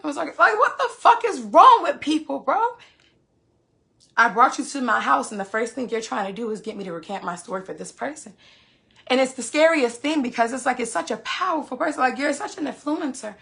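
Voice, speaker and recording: A woman's voice: high voice, animated, brisk, vocal fry, bright, forceful tone. A woman, telling a story on a phone livestream in a profane, emphatic way. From Queens, New York. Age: 20s. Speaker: live streamer.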